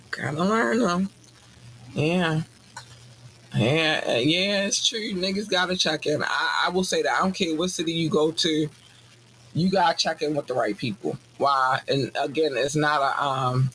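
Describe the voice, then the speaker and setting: A woman hosting a podcast in casual chat, bubbly and effusive, squealing with excitement. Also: deep voice, measured pace, slight background noise. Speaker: podcast host.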